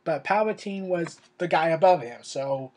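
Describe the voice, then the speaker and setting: A man's voice: a little high, moderate pace, a little mellow. Rambling young man with a raised voice. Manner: rambling, with many filler words. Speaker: video creator. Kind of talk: casual commentary.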